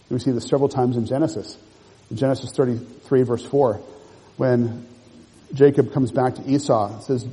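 A man preaching an expository sermon, earnest and emotional, reading scripture aloud and explaining it in short, measured phrases. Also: medium pitch, mellow, slightly rough. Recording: long hall reverb.

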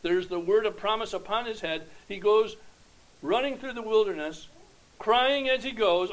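A man preaching a sermon to his congregation, earnest and emphatic, dropping to hushed tones and swelling to loud declarations, posing rhetorical questions. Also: sits high, moderate pace, poor audio. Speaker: pastor.

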